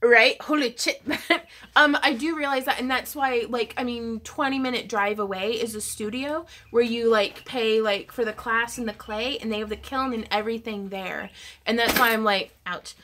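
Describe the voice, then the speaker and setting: A woman's voice: fairly high pitch, steady tone, normal speed, a bit bright, a little hiss or hum. Giggly woman livestreaming. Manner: giggly, chatty, reads viewer comments aloud. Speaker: craft livestream host. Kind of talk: casual livestream chat.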